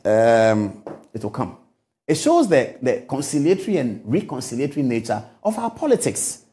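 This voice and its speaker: A man's voice: medium pitch, big pitch swings, normal speed, mellow. A middle-aged man hosting a TV talk show, giving emphatic political commentary full of rhetorical questions. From Ghana.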